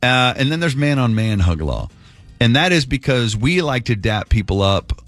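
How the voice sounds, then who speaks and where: A man's voice: mid-range voice, sing-song, moderate pace, a bit bright, no room sound, soft background music. A man hosting a morning radio show, chatting casually and rambling on a studio microphone. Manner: chatty, rambling, self-deprecating.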